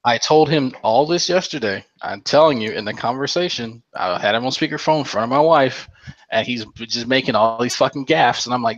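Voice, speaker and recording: A man's voice: mid-range voice, fairly quick, a bit bright, no echo, dull audio. A young man hosting a casual online commentary chat, blunt and exasperated, swearing often.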